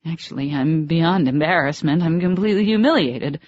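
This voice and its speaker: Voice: mid-range voice, lively intonation, normal speed, darkish tone, no echo, lightly acted. An audiobook narrator voicing a flustered, embarrassed young woman who keeps apologizing, in a raised, anxious voice. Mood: apologetic. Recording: dry, slightly dull audiobook recording.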